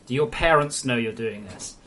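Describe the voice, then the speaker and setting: A woman's voice: rumbling low, moderate pace, fairly bright tone, slight background noise. A woman game developer chatting bluntly and swearing freely while she streams live coding, muttering to herself over the code.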